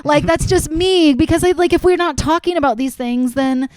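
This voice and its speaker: A woman's voice: high-pitched, moderate pace, darkish tone, no echo. A woman guest on a podcast, talking openly and confessionally in casual chat and filling her sentences with "like". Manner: open and confessional, heavy use of "like".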